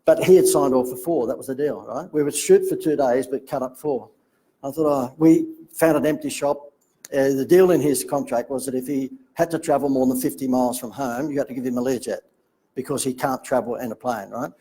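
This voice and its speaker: A middle-aged Australian man telling chatty, animated anecdotes from his marketing career. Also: medium pitch, brisk, husky, low-quality recording. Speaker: marketing speaker telling a story. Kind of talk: casual storytelling talk.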